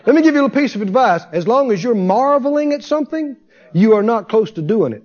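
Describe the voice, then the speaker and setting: A man with a very high, lively voice preaches with fervor and drives the congregation through call-and-response. His pitch leaps around as he builds to shouts. The recording is dull and lo-fi. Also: fairly quick. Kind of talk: sermon.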